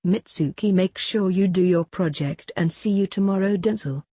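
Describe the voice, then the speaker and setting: A woman's voice: mid-range voice, moderate pace, dark tone, breathy edge, no echo, clean studio sound, lightly acted. A woman reading a grey-haired scolding teacher. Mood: stern. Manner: brusque, scolding. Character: stern grey-haired male teacher, snapping at students.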